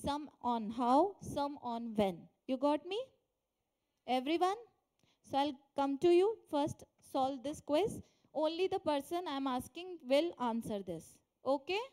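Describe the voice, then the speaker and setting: A woman's voice: high-pitched, expressive, measured pace, dark tone. A woman teacher with an Indian accent, quizzing a classroom in English mixed with Hindi and encouraging her students.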